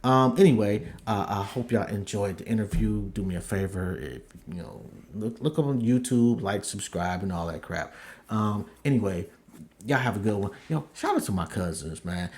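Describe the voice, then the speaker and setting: A man hosting his own podcast in casual chat, excitable and slangy, swearing freely and breaking into high squeals when he gets worked up. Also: moderate pace. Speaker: podcast host.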